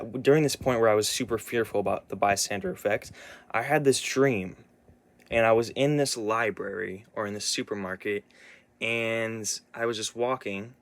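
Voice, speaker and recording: A man's voice: fairly low pitch, fairly bright tone. A young man rambling intensely in a casual vlog, swearing often and restarting his sentences. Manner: intense, profane, restless, many restarts. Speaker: vlogger.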